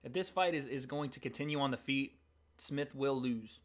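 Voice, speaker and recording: This is a man running a livestream and calling a fight as it unfolds, in a relaxed, everyday, excited style. He speaks at normal speed in a mid-range pitch, and big moments send him into abrupt cheering.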